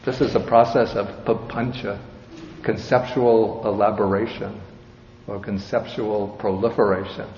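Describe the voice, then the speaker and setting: A man giving a dharma talk as a Buddhist teacher, explaining a scripture in a slow, measured, explanatory way. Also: fairly low pitch, little pitch movement, a little mellow. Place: large hall with audience. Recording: reverberant hall, dull sound, faint hiss.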